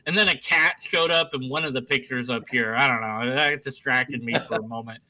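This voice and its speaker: A man with a bright, forceful voice talks on an online panel from his desk at home. He rambles, restarts his sentences and jokes at his own expense in a goofy way. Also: mid-range voice, brisk, low-quality recording. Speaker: YouTuber and panel guest. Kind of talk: casual rambling panel talk.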